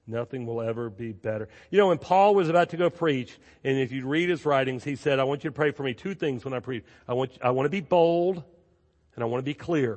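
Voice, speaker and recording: A male pastor delivers a sermon in a lively storytelling manner, leaning on repeated phrases for emphasis. His voice sits at an ordinary mid pitch for a man. It rings out with the long reverb of a large church. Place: church sanctuary.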